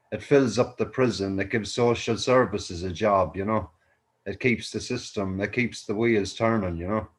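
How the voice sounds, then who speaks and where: An Irish man with a lowish voice, chatting loosely on a live stream call. He rambles along and leans on "you know" between thoughts. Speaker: caller on a live stream chat. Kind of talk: casual chat.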